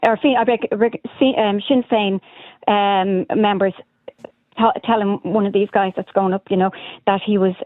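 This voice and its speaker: A woman's voice: medium pitch, fairly even intonation, normal speed, no echo. A woman caller, speaking indignantly on a phone-in and often breaking off to restart her sentences. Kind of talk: phone-in call. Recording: tinny phone line.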